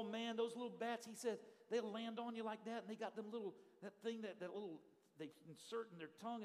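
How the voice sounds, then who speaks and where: A middle-aged male pastor, telling stories in a sermon and swinging from hushed telling to loud shouting. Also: sits high. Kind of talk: storytelling sermon. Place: church sanctuary. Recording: live church hall reverb.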